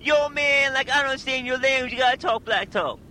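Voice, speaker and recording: A man doing a brash, high young rapper. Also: brisk, a little hiss or hum. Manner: loud, streetwise, challenging.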